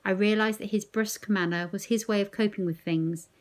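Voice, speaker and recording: A woman teacher reading a novel aloud in first person, slow, measured and expressive. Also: medium pitch.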